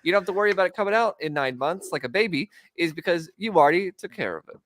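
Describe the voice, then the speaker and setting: A man's voice: sits high, animated, racing, a bit bright, no room sound. A young man co-hosting a casual stream about toys, joking and rambling and slipping into comic voices. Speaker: podcast co-host.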